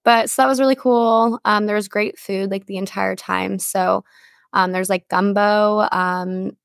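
Gravelly-voiced young woman telling a story. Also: mid-range voice, steady tone, measured pace, dry recording, studio quality. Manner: chatty storytelling, many fillers. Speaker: podcast co-host. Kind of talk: casual chat.

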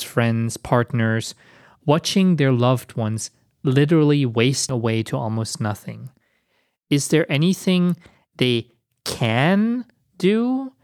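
A man hosting an interview, asking questions in a measured, encouraging way. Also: medium pitch, no room sound, clean studio sound. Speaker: podcast host.

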